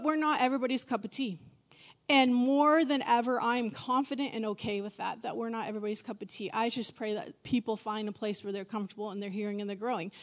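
A middle-aged woman pastor giving a sermon in a candid, conversational way, with quick self-deprecating asides. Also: fairly high pitch.

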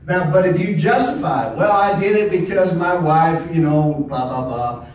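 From a distance, a pastor with a slightly high, somewhat mellow voice delivers a rambling, folksy sermon at a moderate pace. He chats with the congregation conversationally, repeating himself, restarting often and tossing in folksy exclamations. The audio is very echoey, with faint background noise.

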